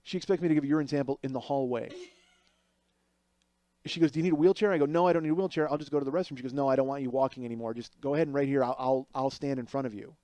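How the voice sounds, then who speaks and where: A man's voice: medium pitch, steady tone, racing, warm tone, no room sound. A middle-aged man telling a comic story as a podcast host, acting out other people's voices as he goes.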